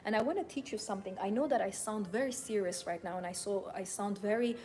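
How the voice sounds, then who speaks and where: A woman's voice: mid-range voice, fast, a little mellow, faint music behind. A young adult woman hosting a live motivational talk, speaking in a passionate, emphatic, self-assured way. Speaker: host and femininity coach.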